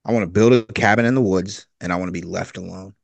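A young man chatting casually on a podcast, relaxed and agreeable, swearing freely. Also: low voice, fast talker, gravelly, dry recording. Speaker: podcast co-host.

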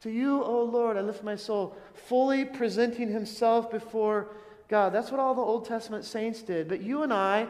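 A man's voice: very high-pitched, normal speed, darkish tone, long reverb tail. A man preaching a sermon in an earnest, questioning way, often asking his listeners something. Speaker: pastor.

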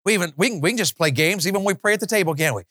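Guy preaching, y'all this y'all that, goes loud and high then drops low, dry close mic. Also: rapid-fire, dry recording. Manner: animated, swings from loud high exclamations to low quiet stretches; rhetorical questions to the congregation. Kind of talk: sermon.

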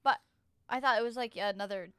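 A woman's voice: a little high, fairly quick, pushed and bright, no echo, clean studio sound. A young woman of Filipino background co-hosting a casual podcast chat, teasing and laughing a lot. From Philippines. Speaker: podcast co-host.

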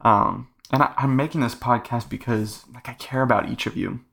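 A man's voice: mid-range voice, steady tone, moderate pace, gravelly, fairly bright tone. A young man hosting a casual faith podcast, talking earnestly in a rambling way full of fillers. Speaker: podcast host.

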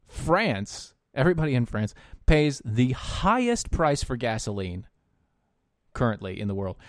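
A man giving opinion commentary, halting often with fillers and dropping into sarcastic muttered asides. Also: medium pitch, no room sound, clean studio sound. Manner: sarcastic asides muttered under his breath; halting, with frequent fillers and restarts. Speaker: political commentator.

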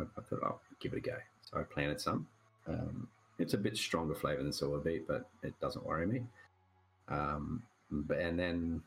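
A man's voice: rumbling low, husky. A man, casually chatting as a podcast co-host and telling rambling, joking stories. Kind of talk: casual chat.

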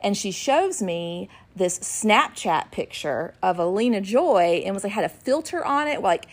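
A middle-aged woman co-hosting a podcast, chatting and telling lively family stories about her kids in an animated way. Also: mid-range voice, measured pace. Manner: animated, acts out her kids' voices when retelling. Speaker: podcast co-host and ministry worker. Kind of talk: casual chat with storytelling.

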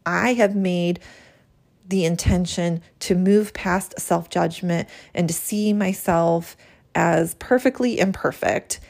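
A woman's voice: fairly low pitch, takes it slowly, gravelly, a little mellow. A woman hosting a spiritual podcast, speaking in an earnest, reflective way as she reads a healing prayer from her journal. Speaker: podcast host.

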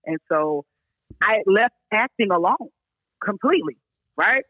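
A young woman from Memphis, a counselor telling her story in casual, animated talk. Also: mid-range voice, breathy edge, no echo. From Memphis, USA. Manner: animated, laughs often, fast bursts. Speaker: guest, counselor and therapist. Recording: dull lo-fi sound.

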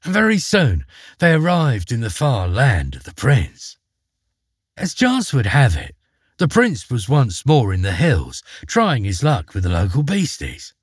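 A man narrating a folk tale in a playful, expressive storytelling manner. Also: medium pitch, unhurried, husky, dry recording, clean studio sound.

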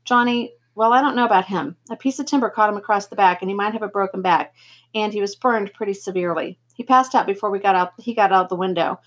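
A woman's voice: medium pitch, fast talker, natural voice. A woman voicing a kindly grown man who reassures an injured boy, read aloud from a novel with a few slips. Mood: reassuring. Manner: gentle, reassuring, occasional slips.

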